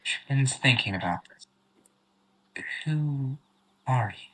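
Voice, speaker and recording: Bright, husky-voiced male player. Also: mid-range voice, lively intonation, slow pace, rough recording. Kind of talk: playing a tabletop game.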